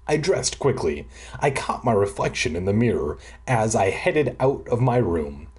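A man's voice: on the low side, very animated, measured pace, darkish tone, breathy edge. A man reading a children's horror book aloud at home, breaking off for sarcastic asides and chatter about his drink. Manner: sarcastic asides mocking the text. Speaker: reader. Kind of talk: comic drunk read-aloud of a kids' horror book.

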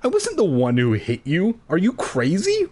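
Bratty girl voiced by a man, whiny, taunting, high, husky, lively pitch. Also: normal speed, heavily acted. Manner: whining, taunting. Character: whiny bratty girl, big sister type.

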